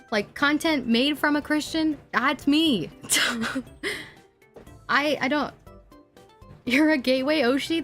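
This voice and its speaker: A young woman talks casually to her live-stream chat, her voice sitting a little high. She rants with animated energy, laughing often and scattering likes and ums through her sentences. Faint music plays underneath.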